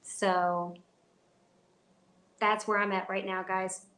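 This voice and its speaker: A woman's voice: medium pitch, flat delivery, slow pace, a bit bright, echoey room. A woman with a Kentucky accent hosting a casual live chat stream from her phone, rambling and laughing often. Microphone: phone at arm's length.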